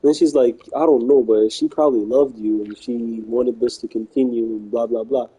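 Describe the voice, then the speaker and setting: A man's voice: medium pitch, steady tone, moderate pace, mellow, husky, rough recording. A man streaming live who tells a long personal story in a rambling, slangy way, quoting what others said and repeating himself.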